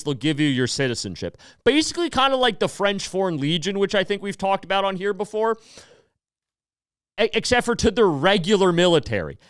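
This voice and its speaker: A man's voice: high voice, a bit bright, clear, resonant tone, no echo, clean studio sound. A man hosting a podcast, ranting in a heated, profane, sarcastic monologue. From United States. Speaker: podcast host.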